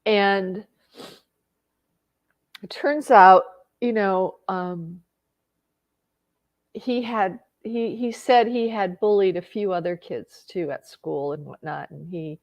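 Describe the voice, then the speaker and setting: Gravelly woman telling an emotional story. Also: medium pitch, takes it slowly, long pauses, a little mellow, muffled recording. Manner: emotional, tearful at times, many restarts. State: tearing up. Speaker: personal growth vlogger. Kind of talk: personal storytelling.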